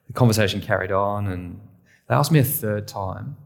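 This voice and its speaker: A man's voice: fairly low pitch, moderate pace, vocal fry. A man from England, a pastor, preaching a sermon with candid, self-deprecating storytelling.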